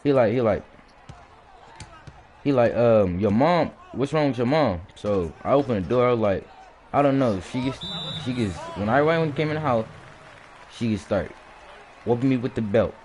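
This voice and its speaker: A man telling a personal story in a casual, animated way, often restarting his sentences and acting out the blows with sound words. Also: medium pitch, normal speed, pauses often, some chatter behind, a little hiss or hum.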